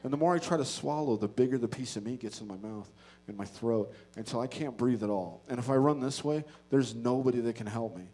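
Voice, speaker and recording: A man doing stand-up, telling a story with profane, animated delivery that swings between loud outbursts and low muttered asides. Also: a little fast. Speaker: stand-up comedian. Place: comedy stage before a live audience.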